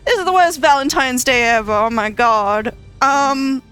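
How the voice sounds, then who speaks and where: A woman's voice: high-pitched, a little slow, a bit bright, smooth, faint music behind. A woman streaming a story game, reacting in casual, exclamatory commentary with frequent swearing and laughter. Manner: exclamatory and profane, often laughing. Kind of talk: casual let's-play commentary.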